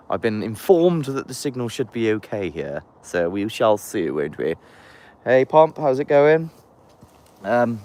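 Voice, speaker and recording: A man with a chatty, rambling manner, streaming a live walking vlog outdoors in woodland on a handheld phone. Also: mid-range voice. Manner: chatty, rambling, jokey asides. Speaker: paranormal investigator, live streamer.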